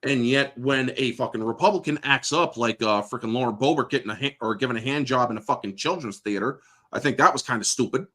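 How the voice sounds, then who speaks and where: A man's voice: medium pitch, fast, hardly any pauses, bright, forceful tone. A male host delivering a blunt, sarcastic political rant full of swearing.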